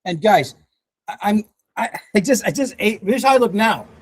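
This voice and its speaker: A man in his fifties chats on a casual livestream in a fairly high voice, excitable and quick to laugh. He swears freely as he answers the chat, and the sound is close and dry. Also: breathy edge, no echo. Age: 50s. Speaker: livestream host reading chat.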